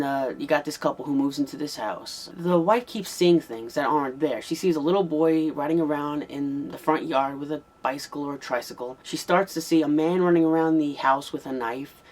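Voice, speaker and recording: A man's voice: a little high, a little mellow. A man giving a casual, rambling spoken review of an old horror tape, with frequent ums and restarts. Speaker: VHS movie reviewer.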